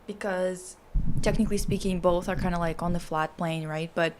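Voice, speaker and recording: A woman's voice: lowish voice, steady tone, moderate pace, darkish tone, slight background noise. A woman co-hosting a casual chat about art, thinking aloud with many fillers and hedges. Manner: laughs easily, enthusiastic asides. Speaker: co-host.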